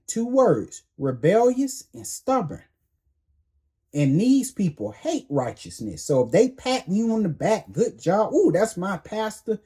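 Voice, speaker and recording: A man's voice: fairly high pitch, warm tone. A man preaching a sermon in a blunt, confrontational way, hammering home repeated commands in slangy everyday speech.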